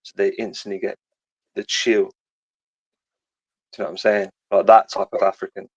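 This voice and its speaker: Young guy calling in, low voice, rambling slangy chat, swears a lot, dull dry line. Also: little pitch movement, normal speed, slightly rough, no echo. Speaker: caller. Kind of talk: casual phone-in chat.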